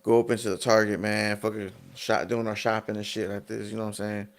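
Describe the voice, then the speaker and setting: A man's voice: lowish voice, quick pace. A man from Texas, a podcast guest, telling a long profane story in casual streetwise talk, full of "you know what I'm saying". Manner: animated when acting out quoted people.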